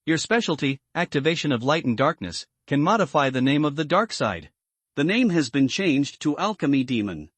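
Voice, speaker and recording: A man reading a translated comic story aloud as a recap narrator, in a steady, even manner. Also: on the high side, moderate pace, husky, dry recording.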